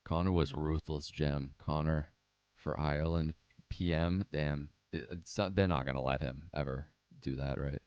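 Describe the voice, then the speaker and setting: Young man, deep voice, casual livestream host, laid-back, slangy, profane, answering live chat. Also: steady tone, moderate pace, clear, resonant tone, no echo, highs cut off.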